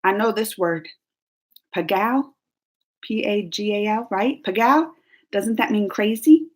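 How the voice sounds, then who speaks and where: A woman's voice: mid-range voice, a little slow. A woman from New Orleans with a Southern accent, chatting casually and giggling as she reads viewer comments on her live stream. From New Orleans, Louisiana, US. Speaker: YouTube host.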